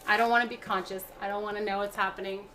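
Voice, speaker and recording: A young woman talks casually while cooking on a livestream, rambling with many fillers and restarts. She's a fast talker with a mid-range, level tone, and background noise mixes with faint music behind her.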